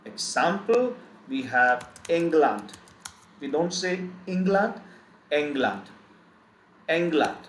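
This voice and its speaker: Man, language teacher, slightly high voice, very slow and repetitive drilling of sounds; echoey room, faint keyboard clicks behind. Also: expressive, a little hiss or hum. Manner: slow, repeats each sound several times. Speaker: German teacher. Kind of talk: live online language lesson.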